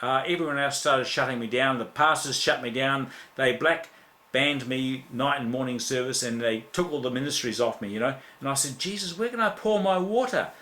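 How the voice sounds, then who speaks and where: A man's voice: medium pitch, steady tone, moderate pace, pushed and bright, roomy sound. An Australian man preaching an impassioned sermon, repeating emphatic declarations, with many fillers and restarts.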